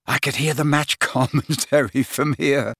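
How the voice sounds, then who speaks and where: Reading an audiobook, a man voices an easygoing teenage boy who is casual, reasonable and teasing. His voice is on the high side and pushed up, with lively intonation at normal speed and a fairly bright tone, recorded in studio quality with no room sound.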